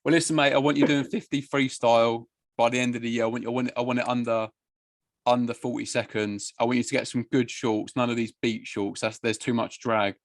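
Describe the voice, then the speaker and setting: A man's voice: mid-range voice, flat delivery, a little fast, no room sound, clean studio sound. A man hosting a casual podcast, joking with his guest in a matey, friendly way. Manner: friendly banter, calls guest mate. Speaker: podcast host.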